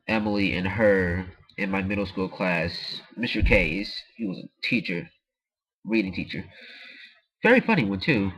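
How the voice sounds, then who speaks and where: A teenage boy vlogging at home, rambling through a story and jumping into squeaky high voices as he acts it out. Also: slightly rough, rough recording. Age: teens. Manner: animated, jumps to squeaky high pitch when acting out the story.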